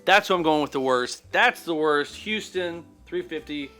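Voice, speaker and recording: A man's voice: a little high, normal speed, bright, forceful tone, soft background music. A man co-hosting a comedic sports betting show, making picks in jokey, crude banter.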